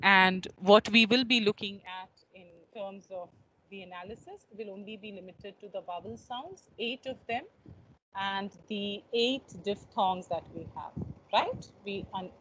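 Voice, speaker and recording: A woman teaching a phonetics lesson over a video call, speaking slowly and repeating words to model how they are pronounced. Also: medium pitch, fairly bright tone, highs cut off, a little hiss or hum. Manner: slow and measured, repeating words to model pronunciation. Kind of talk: online phonetics lecture.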